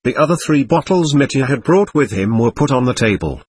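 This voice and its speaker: A man narrating an audiobook in an expressive storytelling manner. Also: medium pitch, brisk, slightly rough, no room sound. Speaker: audiobook reader.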